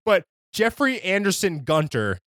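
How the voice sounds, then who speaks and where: A man's voice: high voice, wildly swooping pitch, slow, fairly bright tone, no echo, clean studio sound. A man co-hosting a podcast in casual chat, joking and telling stories with frequent laughter. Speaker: podcast co-host.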